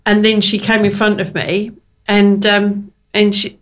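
A woman's voice: medium pitch, flat delivery, unhurried. A woman, chatting casually, telling a story with lots of fillers and laughter. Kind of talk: casual chat.

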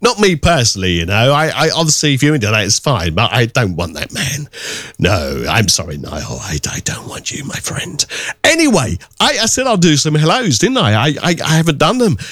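A man working as a radio DJ, chatting casually and teasing listeners as he sends out shout-outs from a studio microphone. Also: medium pitch, huge pitch swings, a little fast, no room sound. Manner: jokey, teasing, rambling.

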